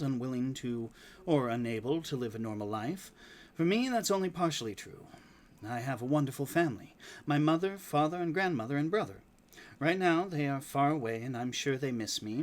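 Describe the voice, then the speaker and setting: A man's voice: a little high, close to an everyday voice. A man voicing a young, earnest female traveling bard in a game playthrough, reading her lines in his own voice.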